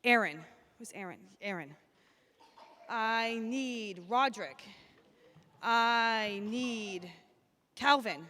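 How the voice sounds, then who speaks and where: Cheerful woman at a school assembly, fairly high voice, chatty and upbeat as she calls kids up to the stage. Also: very slow, pauses often, sharp tone. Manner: upbeat, chatty, calling out names and classes. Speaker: school staff member presenting at an assembly. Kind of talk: addressing children at a school assembly.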